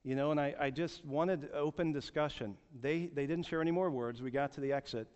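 A man's voice: fairly high pitch, fairly quick, darkish tone. A man in his forties preaching a sermon, telling a story earnestly and often repeating words. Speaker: pastor. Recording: echoey hall, dull sound.

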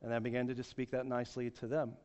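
A man's voice: medium pitch, monotone, fast talker, a little mellow. A man in his forties preaching a sermon, telling a story earnestly and often repeating words. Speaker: pastor. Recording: echoey hall, dull sound.

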